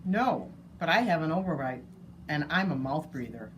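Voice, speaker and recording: A woman voicing a timid, bookish male monster with a low, breathy voice in a storybook reading. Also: expressive, moderate pace, very noisy. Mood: mild.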